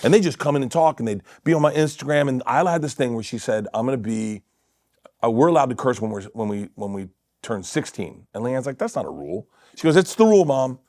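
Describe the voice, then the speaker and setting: A middle-aged man, a comedian guest, telling animated family stories in casual chat and acting out quotes with cursing. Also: mid-range voice, fast talker, no echo, studio quality. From Florida.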